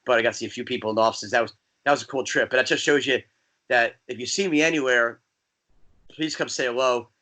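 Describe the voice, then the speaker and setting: A man from New Jersey, a guest DJ, chatting casually and telling rambling, animated stories. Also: mid-range voice, fast talker. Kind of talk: casual podcast chat.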